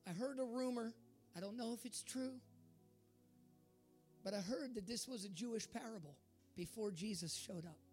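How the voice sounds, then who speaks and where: A preacher giving an animated sermon, retelling a story with emphatic repetition. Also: mid-range voice, moderate pace, long pauses, faint music behind.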